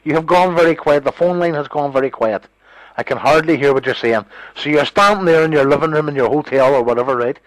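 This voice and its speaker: A man's voice: fairly high pitch, fast, dry recording, poor audio. A man in a heated phone argument, scornful, combative and swearing freely. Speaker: phone call participant.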